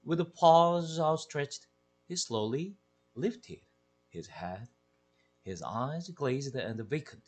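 A man with a Korean accent, an English teacher, expressively reading a children's novel aloud in a deliberate storytelling manner. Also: fairly high pitch, animated, a little hiss or hum.

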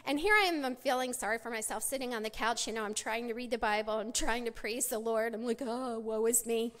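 A woman's voice: fairly high pitch, quick pace, a bit bright. A middle-aged woman giving a personal testimony at a church women's conference, storytelling with many restarts. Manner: storytelling, many restarts, acts out quoted voices. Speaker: conference speaker. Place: church sanctuary. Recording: long hall reverb.

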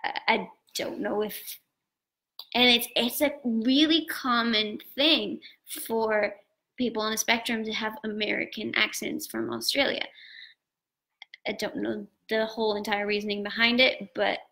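A woman's voice: a little high, fairly even intonation, unhurried, gravelly, sharp tone, poor audio. A woman guest on a live-stream conversation, speaking earnestly and thinking aloud over a video call.

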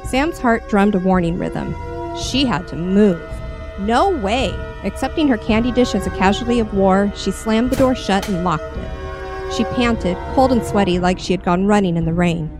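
A woman reading a horror story with measured, expressive narration. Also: medium pitch, over music. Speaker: story reader.

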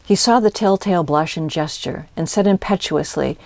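A woman reads a classic story aloud with measured, expressive narration. Her voice sits on the low side, and the recording is dry and close. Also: gravelly, no echo. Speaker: audiobook reader. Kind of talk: scripted narration.

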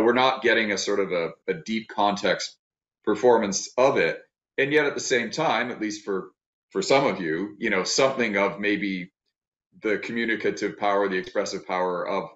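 A man with a low voice giving a thoughtful academic talk over a video call. He speaks haltingly, restarting phrases and filling pauses. The audio is dull and lo-fi, with a roomy echo. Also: a bit bright. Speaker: guest lecturer.

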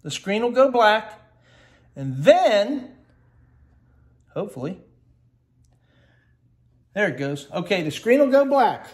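A man's voice: sits high, sing-song, slow pace, pauses often. A man filming a casual, folksy how-to walkthrough by his kitchen refrigerator on a handheld phone, chatting and grumbling as he goes. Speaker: home how-to vlogger. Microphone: handheld phone camera. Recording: echoey room.

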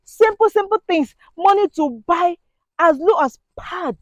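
A woman's voice: very high voice, lively intonation, unhurried, dry recording. A woman giving an indignant, preachy monologue to her viewers, full of rhetorical questions. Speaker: vlogger. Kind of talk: impassioned monologue to camera.

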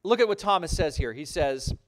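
Male pastor, emphatic conversational sermon, high and lively voice, quick asides.

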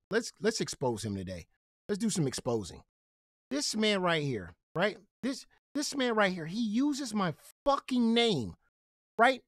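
A man's voice: high voice, fairly bright tone, no room sound, studio quality. A man hosting a gaming commentary channel, ranting in a profane, confrontational way and repeating himself when heated.

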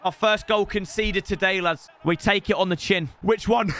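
A young man streaming a football video game, chatting to the lads in cheeky banter and breaking into loud outbursts. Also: sits high, moderate pace, few pauses. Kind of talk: gaming stream commentary. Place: home room with builders' noise outside. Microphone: headset.

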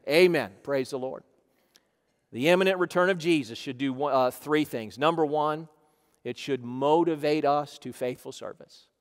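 A man from Ohio, a pastor preaching a sermon emphatically, often saying "listen" and swinging between loud and soft. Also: on the high side, moderate pace, long reverb tail. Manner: emphatic preaching, repeating "listen", rising and dropping volume. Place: church sanctuary.

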